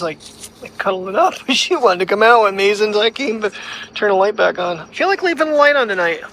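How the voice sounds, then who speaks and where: A man's voice: sits high, pushed and bright, slight background noise. Rambling, worried man vlogging at home. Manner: rambling and worried, baby talk to his dog. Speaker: daily vlogger. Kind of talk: casual vlog talk to camera. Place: home and backyard at night. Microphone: handheld gimbal camera with wireless mic.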